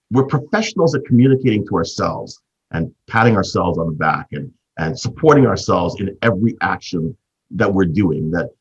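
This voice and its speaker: Man, fifties, from Canada, host, husky, lively swoops in pitch, lo-fi muffled audio. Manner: animated storyteller, big swings in pitch. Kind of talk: storytelling business talk.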